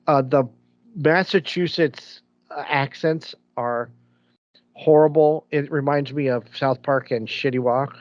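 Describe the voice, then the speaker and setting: Man, podcast co-host, rambling casual chat, slightly high voice, dry close sound. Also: fairly even intonation, a little slow, dry recording. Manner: rambling, chatty, with many restarts. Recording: dull lo-fi sound.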